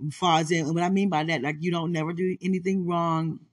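A woman's voice: lowish voice, fairly even intonation, a little fast. A woman hosting a podcast, talking in a casual, teasing monologue and laughing often. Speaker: podcast host.

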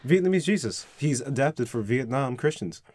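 A man's voice: medium pitch, expressive, moderate pace, a little mellow, husky. A young man in casual banter with friends, dry and explanatory, laying out his points at length.

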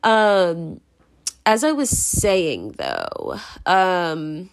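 A woman's voice: fairly low pitch, wildly swooping pitch, very slow, creaky. A young adult woman hosting a casual podcast monologue, rambling and filler-heavy, laughing often while moving around indoors. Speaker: podcast host.

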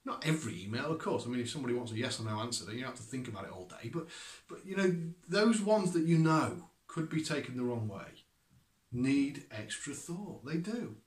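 A man's voice: mid-range voice, big pitch swings, a little fast. A man preaching a sermon in a conversational way, with frequent asides and questions to his listeners. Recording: echoey room.

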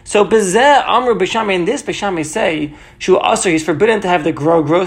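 A man's voice: sits high, creaky. A man teaching a Mishnah passage, reading Hebrew phrases aloud and explaining each one in English, often checking in with "right?". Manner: reads Hebrew phrases then paraphrases in English, asks "right?". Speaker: Talmud teacher.

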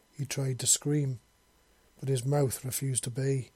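A man reading a dramatic story aloud as narrator, in a steady, low-key way. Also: measured pace, breathy edge, no room sound. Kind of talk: audiobook reading of a fan story.

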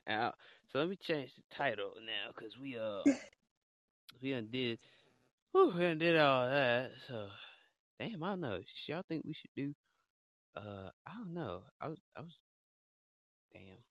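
A man's voice: medium pitch, big pitch swings, a little slow, pauses often, dry recording. A man co-hosting a casual podcast, talking in a laid-back, slangy way and asking the questions. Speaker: podcast co-host. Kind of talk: casual chat. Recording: slightly muffled lo-fi mic, dry.

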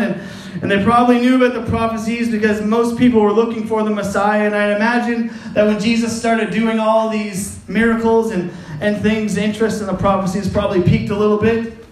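A man with a high-pitched voice preaching a sermon in a casual, joking tone, often laughing and slipping into quick voices for the people he talks about. His voice rings around a roomy, echoing space. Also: flat delivery. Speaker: pastor.

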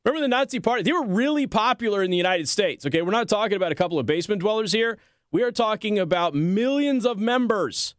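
A man with a slightly higher voice runs a political commentary show. He reads news passages aloud, then cuts in with biting, combative remarks. The recording is dry and close, with no room sound. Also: expressive, quick pace, no echo. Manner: sarcastic, combative asides between read passages.

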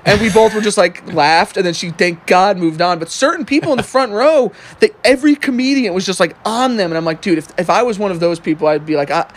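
A man co-hosting a casual podcast chat, telling stories quickly and with some swearing. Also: sits high. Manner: animated, swearing, quick storytelling. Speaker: podcast co-host.

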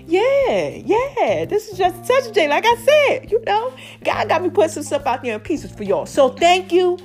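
Animated high-voiced woman chatting to viewers. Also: moderate pace, soft background music. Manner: animated, chatty, preachy asides, lots of "y'all" and "okay?". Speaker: vlogger and podcast host. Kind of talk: casual chat to viewers.

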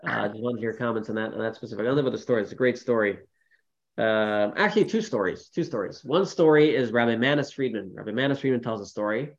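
A man, a rabbi teaching a class in a casual, storytelling way, lively when quoting people, with many fillers. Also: medium pitch, fast, dull audio. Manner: storytelling with animated quoted voices, many fillers. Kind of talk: informal Torah class talk.

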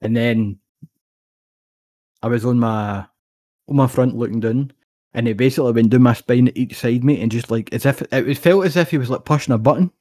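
A young Scottish man rattles through a rambling story at a quick clip, swearing freely as he goes. His voice sits in an ordinary middle register. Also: medium pitch, darkish tone. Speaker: podcast co-host. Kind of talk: casual chat.

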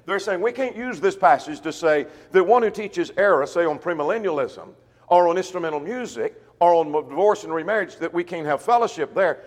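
A man's voice: high-pitched, animated, a little fast, in a large hall. A man preaching a Bible sermon, teaching verse by verse and repeating key phrases for emphasis. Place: church.

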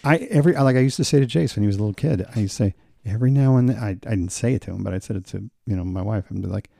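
A man's voice: lowish voice, very fast, vocal fry, warm tone, no echo. A middle-aged man co-hosting a podcast, chiming in agreeably and laughing often in casual chat. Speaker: podcast co-host.

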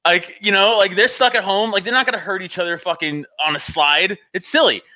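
A man with a high-pitched, very bright and cutting voice tells a rambling story, laughing and cursing often. The sound is a bit dull and lo-fi. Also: a little fast. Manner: laughs often, swears freely, animated. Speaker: podcast co-host telling a story. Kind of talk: casual profane storytelling.

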